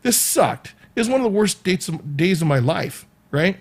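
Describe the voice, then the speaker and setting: Guy vlogging a story, kinda high voice, laughs a lot, acts out all the dialogue. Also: moderate pace. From California. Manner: animated, laughs often, acts out quoted dialogue. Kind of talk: casual storytelling.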